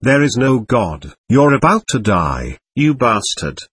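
A man's voice: mid-range voice, big pitch swings, a little slow, fairly bright tone, breathy edge, no echo, studio quality, heavily acted. A man voicing a cruel woman who speaks coldly and harshly to her victim in an audiobook. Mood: cold menace. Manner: cold, harsh. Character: cruel vengeful woman murderer, cold and hard.

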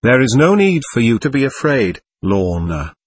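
A man voicing a vast, fatherly male angel who speaks in soft, comforting tones. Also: mid-range voice, very animated, normal speed, slightly rough. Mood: tender.

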